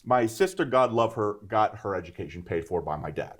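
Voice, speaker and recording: A man in his fifties, a guest entrepreneur, telling his story in a casual, animated interview and often checking in with "right?". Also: fairly low pitch, fairly quick. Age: 50s. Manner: animated, emphatic, keeps adding "right?".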